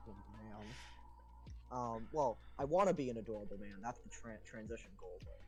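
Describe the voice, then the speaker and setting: A man's voice: mid-range voice, fast, dull audio, soft background music. A young man chatting casually on a stream, flustered and laughing at himself, his voice cracking now and then. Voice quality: voice cracks at times. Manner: flustered, laughing, self-deprecating. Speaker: guest streamer.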